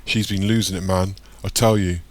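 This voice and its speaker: A man's voice: sits low, fairly even intonation, moderate pace, lightly acted. A man reading an audiobook, voicing a laid-back card-playing young man who talks in casual slang.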